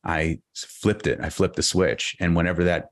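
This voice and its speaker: A man's voice: low-pitched, no room sound, studio quality. A man from Boston, a podcast guest, telling a personal story in an earnest, reflective way. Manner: earnest, reflective, halting restarts.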